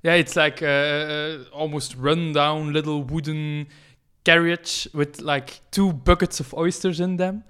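A man's voice: on the high side, fairly even intonation, unhurried, few pauses, a bit bright, clear, resonant tone. Hesitant man. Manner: hesitant, many fillers and restarts, laughs often. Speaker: podcast co-host. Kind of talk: casual chat.

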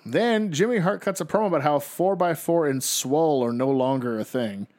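A man co-hosting a casual podcast, recapping old wrestling shows as an animated storyteller who laughs often. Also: fairly high pitch, normal speed. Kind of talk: casual chat.

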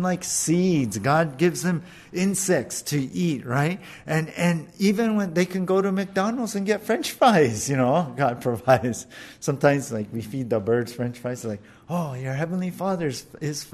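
A man giving a conversational sermon, laughing often, asking his listeners questions and slowing down to stress scripture. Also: a little high. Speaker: pastor.

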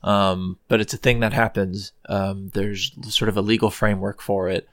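Rambly podcast host guy, lots of ums, lowish voice, dry close mic. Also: flat delivery, moderate pace, a bit bright, no echo. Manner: rambling, hesitant, full of ums and restarts. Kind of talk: casual chat.

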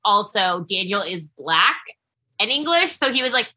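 Bright, chatty young woman. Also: on the high side, normal speed, breathy edge. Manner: chatty, animated storytelling. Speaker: podcast co-host. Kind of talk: casual chat.

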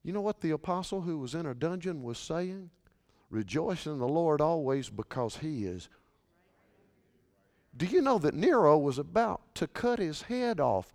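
High-voiced preacher in a reverberant hall. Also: male voice. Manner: dynamic preaching, swings from hushed to shouting. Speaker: pastor. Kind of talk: sermon. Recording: long reverb of a large hall.

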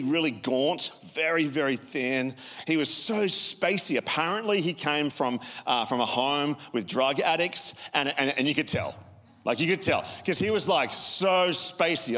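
A man's voice: fairly high pitch, a bit bright. Conversational male pastor, hall echo. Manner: conversational, talks with the congregation. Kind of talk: sermon. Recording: long hall reverb.

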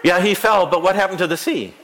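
A man's voice: sits high, fast, a bit bright, poor audio. A man serving as pastor, telling a Bible story to children during a service and coaxing them to act it out. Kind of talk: children's sermon, interactive storytelling. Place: church sanctuary.

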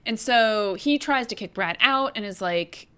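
A woman's voice: a little high, animated, unhurried, a bit bright, smooth. A woman co-hosting a casual movie recap, critical and blunt, swearing casually. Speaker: podcast co-host.

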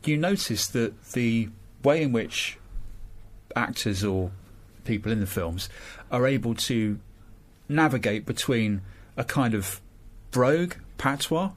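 A man's voice: medium pitch, animated, slow. A man hosting a conversational discussion about films, thinking aloud and searching for his words. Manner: thoughtful, searching for words with fillers and restarts. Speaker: podcast host.

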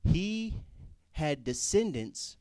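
Lively young pastor telling stories. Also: male voice, fairly high pitch, very slow, dry recording. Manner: animated, acts out family voices in stories. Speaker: youth pastor. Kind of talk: casual sermon with stories.

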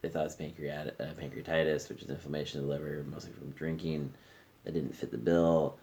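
A man's voice: a bass voice, flat delivery, brisk, vocal fry, darkish tone, slight background noise. A man hosting a podcast, talking candidly in a casual conversation in a friend's living room, swearing freely and trailing off with fillers. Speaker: podcast host.

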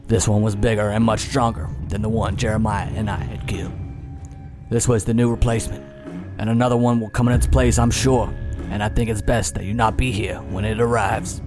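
A haunted, weary frontier mayor, played by a man in a put-on accent, slow and heavy as he recounts his ordeal at length. The voice sits a touch low, and music plays behind it. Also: flat delivery, lightly acted. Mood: grave. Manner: long grave monologues. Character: male small-town mayor, shaken gunslinger-era storyteller.

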